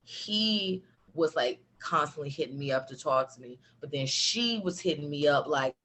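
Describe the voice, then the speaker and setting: A woman telling a personal story in a casual chat, animated, laughing, with lots of fillers. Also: low-pitched, normal speed, a little hiss or hum. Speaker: guest.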